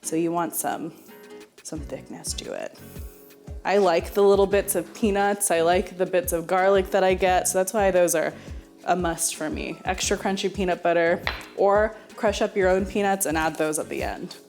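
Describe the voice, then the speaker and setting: A woman's voice: lowish voice, normal speed, a little mellow, soft background music. A young woman hosting a home cooking video, talking straight to the viewer in a friendly, chatty way. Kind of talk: casual cooking demonstration.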